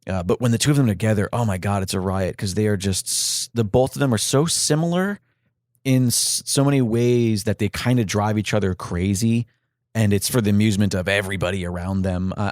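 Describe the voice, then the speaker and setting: A man hosting a podcast, speaking from the heart in a halting, grieving monologue full of fillers and restarts. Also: on the low side, darkish tone, no echo, clean studio sound. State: grieving, voice catching. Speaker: podcast host.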